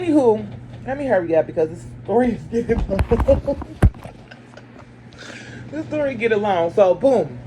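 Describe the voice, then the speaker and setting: A chatty woman at a middle pitch tells a story straight to her viewers, blunt and lively. She breaks into other voices with sudden jumps in pitch. A faint hum sits under her voice. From lives in Arizona. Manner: animated, acts out dialogue with sharp pitch jumps. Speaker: storyteller and mother. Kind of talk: casual storytime to camera.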